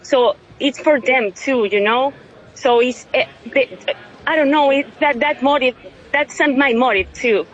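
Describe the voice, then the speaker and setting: Over a phone line, a Venezuelan woman in her thirties gives an emotional interview, tearful and overwhelmed. Her voice is high, and she speaks haltingly with many restarts.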